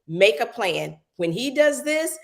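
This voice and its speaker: A woman's voice: a little high, big pitch swings, unhurried, vocal fry. A woman pastor giving firm, encouraging advice on a live online show.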